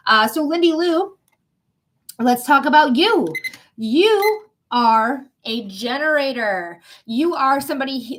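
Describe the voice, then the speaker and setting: A woman's voice: high voice, a bit bright. A young woman giving a live psychic reading, talking casually and bluntly to the viewer and swearing freely. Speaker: psychic reader.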